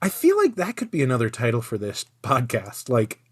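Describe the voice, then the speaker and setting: A man co-hosting a podcast, chatting playfully and jokingly, his voice still a little hoarse from illness. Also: mid-range voice, fairly quick. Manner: playful, jokey, animated storytelling. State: recovering hoarse voice. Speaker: podcast co-host. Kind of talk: casual chat.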